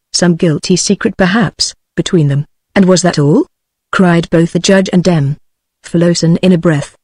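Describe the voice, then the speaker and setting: A text-to-speech woman's voice with a British English accent, reading a novel aloud and giving every character the same even delivery. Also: on the low side, dry recording, studio quality. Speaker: audiobook narrator.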